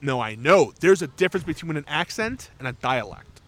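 A man's voice: fairly high pitch, lively intonation, fairly quick, fairly bright tone. A man in a casual chat who rambles and hesitates, with many uh's and like's.

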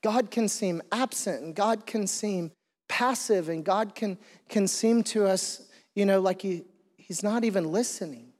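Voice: medium pitch, unhurried, darkish tone. A pastor preaching an earnest sermon, often repeating and restarting phrases for emphasis. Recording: long hall reverb.

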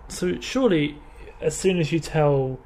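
A man's voice: a little high, unhurried, a little mellow. A man co-hosting a casual podcast chat, mostly reacting briefly and restarting his sentences when he talks. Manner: short reactive interjections, hesitant restarts. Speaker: podcast co-host.

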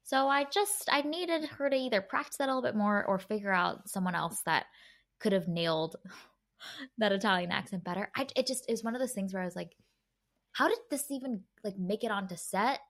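Animated woman film podcast co-host. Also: mid-range voice, a little fast. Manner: animated, quotes her own reactions, restarts often. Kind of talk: casual film review chat.

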